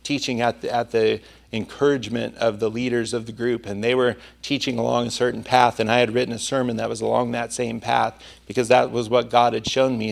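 A man's voice: mid-range voice, creaky. A male preacher delivering a sermon, telling a personal story in a conversational manner.

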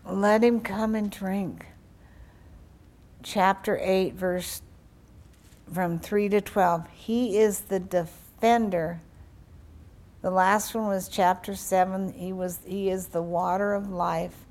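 A woman preacher delivers her sermon at an unhurried pace, with her voice in a middle register. She prays fervently and reads scripture with strong emphasis on key words. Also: mid-range voice, fairly even intonation, a little mellow. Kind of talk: sermon with prayer and scripture reading.

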